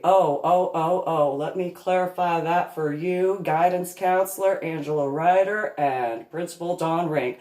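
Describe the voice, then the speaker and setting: A woman speaking in an unscripted monologue about her own experiences as a parent, slow and emphatic with deliberate pauses. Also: fairly low pitch, dark tone, echoey room. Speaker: parent telling her story.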